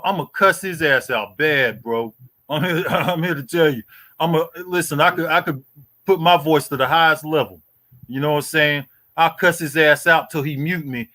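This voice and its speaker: A boxing YouTube host in his forties rants at a rival on his livestream, taunting and profane, repeatedly saying "boy" and "you hear me." His voice runs a little high, pushed and bright.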